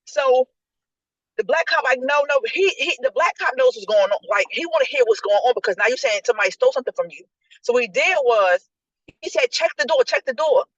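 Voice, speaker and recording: A woman's voice: fairly high pitch, brisk, slightly rough, dry recording. A woman co-hosting a podcast, retelling a story in casual group chat and acting out what people said. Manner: animated storyteller acting out quotes. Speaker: podcast co-host. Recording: dull lo-fi dry recording.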